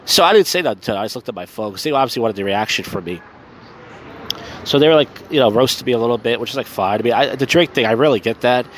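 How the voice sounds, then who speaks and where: A man's voice: medium pitch, animated, very fast, slight background noise. A man hosting a casual solo podcast, rambling loosely with profane, wry asides, recorded outdoors in a city on a phone. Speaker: podcast host.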